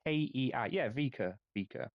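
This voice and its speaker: A man with a Yorkshire accent chatting casually with viewers while streaming a game, friendly and quick to laugh, stumbling over names. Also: medium pitch, expressive, creaky, dry recording, muffled recording.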